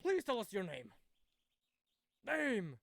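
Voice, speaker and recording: A man's voice: high-pitched, wildly swooping pitch, slow pace, vocal fry, fairly bright tone, no echo, clean studio sound, exaggerated voice. A man voicing a flustered elderly judge in a courtroom game, in a raised, exclaiming voice. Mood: bewildered.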